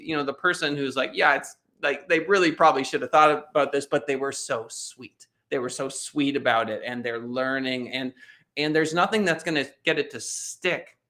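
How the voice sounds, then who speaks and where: Bright-voiced man telling rambling stories. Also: mid-range voice. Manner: rambling storyteller with many restarts and "right?" tags. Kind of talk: casual conversational interview.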